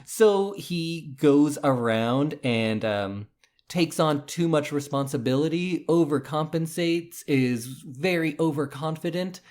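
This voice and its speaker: Male podcast co-host, mid pitch, conversational explainer, relaxed storyteller. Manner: explanatory, storytelling about film history. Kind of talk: casual film discussion.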